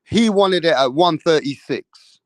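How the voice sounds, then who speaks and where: A man's voice: a little high, lively intonation, measured pace, dry recording. A man hosting a casual boxing livestream, greeting viewers in the chat by name in slangy talk.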